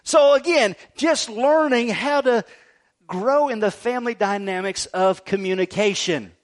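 A middle-aged male pastor giving a sermon in an animated, jokey way, often checking in with "right?". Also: extremely high pitch, a little slow. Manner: animated, jokey preaching with frequent "right?" asides.

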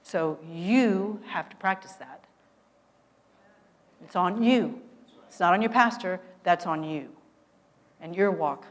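A middle-aged woman preaching a sermon, telling a story and urging listeners with emphatic swings in loudness. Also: fairly low pitch, slow, long pauses.

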